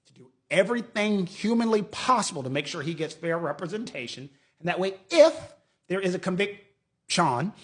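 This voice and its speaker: A middle-aged man, a lawyer, giving casual legal commentary and acting out quotes in mocking voices. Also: a little high. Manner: animated, mocking, acts out quotes.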